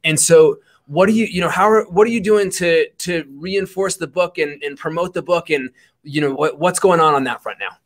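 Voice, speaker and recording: A man's voice: a little high, moderate pace. A man co-hosting a podcast, enthusiastic, asking long rambling questions. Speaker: podcast co-host. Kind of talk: casual podcast chat.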